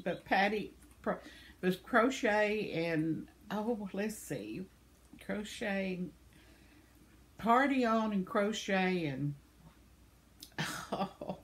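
A woman's voice: mid-range voice, expressive, slow pace. An older woman hosting her own channel, casually reading viewer comments aloud in a chatty, tender way, laughing often and stumbling over names. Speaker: channel host.

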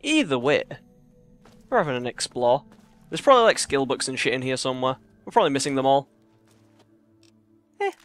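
A young man chatting casually and profanely while playing a game in his cramped bedroom, rambling and jokey, yelling in a panic when enemies attack. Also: mid-range voice, big pitch swings, a little fast, pauses often, soft background music. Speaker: let's play gamer. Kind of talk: casual gameplay commentary.

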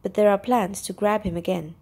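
A woman voicing a nervous, tearful young woman thief in a storybook reading, talking in quick, pleading bursts. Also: mid-range voice, steady tone, dark tone, husky.

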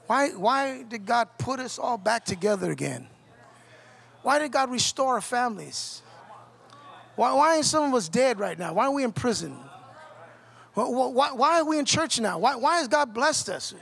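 A man with a Southern Californian accent preaching a passionate sermon as pastor, building to shouts and then dropping low. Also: very animated, moderate pace, gravelly.

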